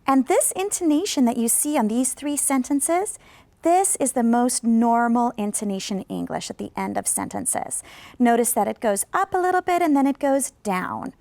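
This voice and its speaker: A woman with a slightly high voice and a gravelly edge teaches English pronunciation in a studio video lesson. She is patient and instructive, stretching out model sentences slowly for learners to repeat. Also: lively intonation, darkish tone. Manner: slow, exaggerated model sentences for students to repeat. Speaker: ESL pronunciation professor. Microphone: studio microphone.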